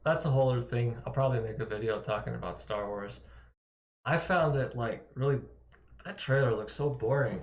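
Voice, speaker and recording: A man's voice: medium pitch, fairly quick, a little hiss or hum. A man chatting casually with viewers on a live stream, rambling and self-mocking and laughing often, from home. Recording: roomy, dull lo-fi sound.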